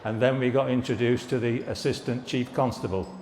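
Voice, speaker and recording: A man's voice: mid-range voice, fairly even intonation, fairly quick, darkish tone, a little hiss or hum. An older man gives an anecdotal anniversary speech to alumni, recalling student days with wry asides and jokes. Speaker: former students' union president giving an anniversary speech. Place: large hall at a live event. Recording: echoey hall, reverberant room.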